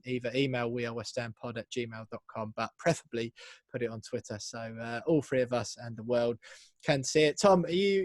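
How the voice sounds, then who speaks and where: A man's voice: mid-range voice, darkish tone, no room sound. A man hosting a casual podcast, upbeat and jokey as he presents. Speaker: podcast host.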